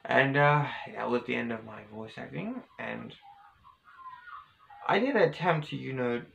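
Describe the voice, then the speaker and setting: A man's voice: mid-range voice, expressive, measured pace, vocal fry, fairly bright tone, slight background noise, rough recording. A man vlogging casually, telling a personal story in a rambling, hesitant way with many restarts.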